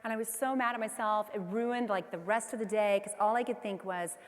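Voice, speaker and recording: A woman in her forties giving a motivational keynote speech, telling a personal story with animated delivery and acting out her own inner voice. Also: medium pitch, fairly quick. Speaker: keynote speaker. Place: large convention hall. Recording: long hall reverb from the PA.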